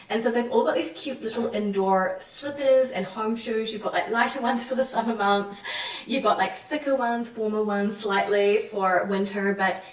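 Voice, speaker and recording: A young woman from New Zealand with a New Zealand accent, chatting animatedly in a casual vlog and acting out the people she quotes. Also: a little high. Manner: animated, acts out quoted French voices. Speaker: vlogger. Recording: echoey room, mic at a distance.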